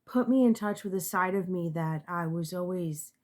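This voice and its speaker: A woman, a tarot reader, talking casually to camera in a halting way with many fillers and restarts, sounding emotional and close to tears. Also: on the low side, darkish tone.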